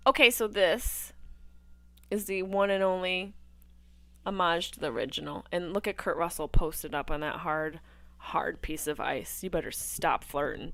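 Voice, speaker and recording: A woman hosting a live movie watch-along, riffing with crude jokes and swinging between loud outbursts and hushed asides. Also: fairly low pitch, measured pace, no echo. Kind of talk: casual riffing commentary over a film.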